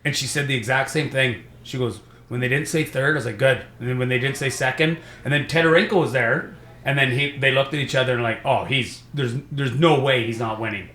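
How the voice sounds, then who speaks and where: A man's voice: medium pitch, brisk, slight background noise. A man, a stand-up comedian, telling stories in casual chat and acting out other people's voices. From Canada. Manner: animated storyteller, acts out voices of others. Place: podcast studio. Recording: roomy echo.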